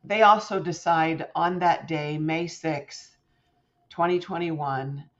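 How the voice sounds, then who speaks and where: A middle-aged woman, a podcast guest, telling a personal story in an animated way and acting out quoted voices with big jumps in pitch. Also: slow pace. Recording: slightly muffled lo-fi sound.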